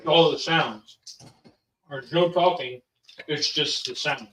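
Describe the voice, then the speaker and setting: A man's voice: a little high, slow pace, bright, forceful tone, a little hiss or hum. A father hosting a family vlog, chatting casually and rambling with plenty of ums and sos. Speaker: father and channel host. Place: home kitchen. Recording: roomy, from a distance.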